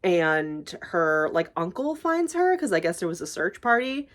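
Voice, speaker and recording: A woman's voice: lowish voice, big pitch swings, a little slow. A young woman YouTuber casually recapping a movie, rambling and gushing, swearing freely and filling with "like".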